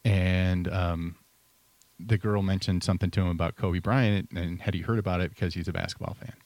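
A man's voice: low voice, steady tone, fairly quick, a little mellow, no room sound. A middle-aged man chatting casually as a podcast co-host and telling stories, often trailing off and restarting. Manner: conversational, storytelling, trails off and restarts. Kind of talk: casual chat.

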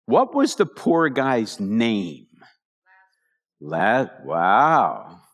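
A man preaching a conversational sermon, telling the story with animated asides to his congregation. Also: lowish voice, drawn-out words. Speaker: pastor. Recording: long hall reverb.

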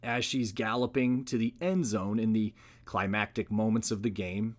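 A man's voice: fairly low pitch, moderate pace. Wry man hosting a history podcast. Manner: conversational, wry asides. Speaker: podcast host. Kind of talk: casual history podcast narration.

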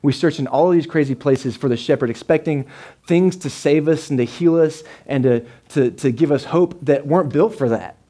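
A man's voice: on the high side, moderate pace, dark tone. A man preaching a sermon to a live congregation, talking casually, repeating words and often asking "right?". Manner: conversational, repeats words, keeps checking in with the congregation. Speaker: pastor. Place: church service with a live congregation.

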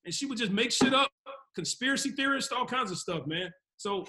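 A man's voice: very high voice, animated, a little fast, noisy background. A young man co-hosting a talk show, chatting bluntly and profanely and laughing often. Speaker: podcast co-host. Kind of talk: crude casual chat.

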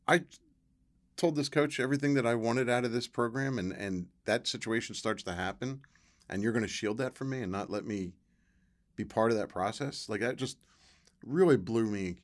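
A middle-aged man with a low voice tells a long personal story in a relaxed interview. He slips into the voices of the people he quotes and jumps up in pitch when he gets excited. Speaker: guest, former football player.

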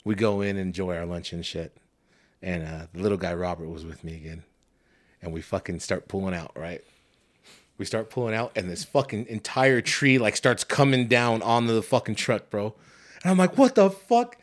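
A man's voice: sits low, steady tone, normal speed, a bit bright. Profane young man telling a story. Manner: profane, storytelling, prone to laughing fits. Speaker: podcast host. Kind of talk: casual chat.

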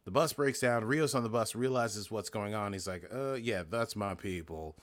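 A man's voice: lowish voice, moderate pace, no room sound. An American man co-hosting a podcast, recapping episodes in casual chat with frequent fillers and restarts. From United States. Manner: rambling, lots of filler and restarts. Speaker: podcast co-host.

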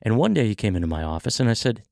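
A man hosting a podcast for sales professionals, telling stories with acted-out dialogue and coaching in a lively, motivational way. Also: fairly low pitch, very fast, vocal fry, no room sound, clean studio sound. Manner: animated storytelling, acting out dialogue.

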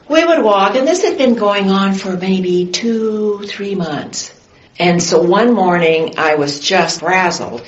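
An older woman recalls a memory at an unhurried, leisurely pace, halting now and then with fillers. The recording is roomy and a little dull and lo-fi, as in an oral history interview. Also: on the low side.

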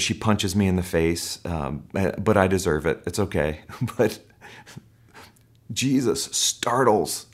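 A male pastor delivers a sermon in a somewhat low voice. He tells stories with animation, often slipping into short acted voices. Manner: animated storytelling, acts out voices.

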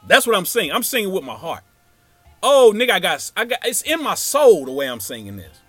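A man's voice: sits high, a little fast, no echo, soft background music. A man telling a childhood story as stand-up comedy, acting out each character. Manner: animated, acts out every character.

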